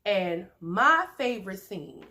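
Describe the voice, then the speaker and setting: A woman's voice: mid-range voice, big pitch swings, takes it slowly, pushed and bright. A woman, chatting playfully and laughing often as she eats on camera for her mukbang vlog. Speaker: mukbang vlogger. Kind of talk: casual chat while eating.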